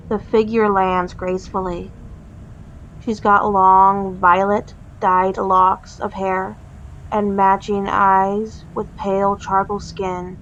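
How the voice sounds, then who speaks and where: A woman narrating an immersive second-person story in a slow, descriptive way. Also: medium pitch, creaky. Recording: slightly muffled with soft music.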